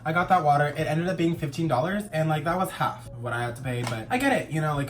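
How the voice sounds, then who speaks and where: A young man telling a storytime vlog in a sassy, campy, dramatic way, shouting for emphasis. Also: a little high, fast talker, hardly any pauses, over music. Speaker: vlogger.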